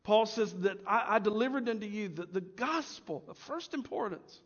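A man preaching a sermon as pastor, swinging between loud emphasis and hushed asides. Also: high-pitched, lively intonation, normal speed, big-room sound, lo-fi sound.

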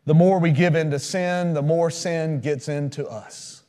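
A male pastor delivers a sermon in a notably high voice. He tells stories emphatically and keeps putting questions to his listeners. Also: steady tone, a little slow, mellow. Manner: storytelling, emphatic, asks the congregation questions.

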